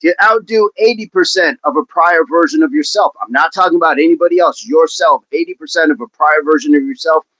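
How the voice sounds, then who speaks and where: A man's voice: fairly high pitch, fairly even intonation, quick pace, few pauses, fairly bright tone, no echo. A man coaching fitness on a livestream, talking with viewers in an upbeat, encouraging way and often repeating his phrases. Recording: dull, dry livestream audio.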